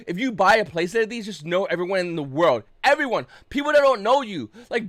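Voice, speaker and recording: A young man talks markets to camera at a rapid clip, his voice high and lively. He is blunt and swears freely, tipping into agitated rants. The sound is dry and close. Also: dry recording. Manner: blunt, profane, gets agitated and loud. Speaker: YouTube card game market commentator. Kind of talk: casual ranting commentary.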